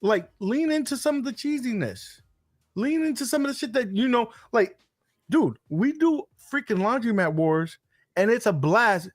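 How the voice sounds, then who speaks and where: High, lively man bantering. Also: moderate pace, no echo, studio quality. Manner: animated, joking, profane banter. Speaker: podcast co-host. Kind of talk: casual gaming podcast chat.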